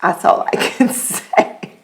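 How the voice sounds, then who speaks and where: A woman hosting a podcast, telling a casual personal story in an animated way, laughing often and repeating words for emphasis. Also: takes it slowly, rough recording. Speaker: podcast host.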